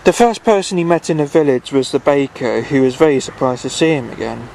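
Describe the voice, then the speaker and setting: A man reading a bedtime story aloud at an unhurried, halting pace, often restarting his phrases. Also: mid-range voice, vocal fry, darkish tone, slight background noise, low-quality recording.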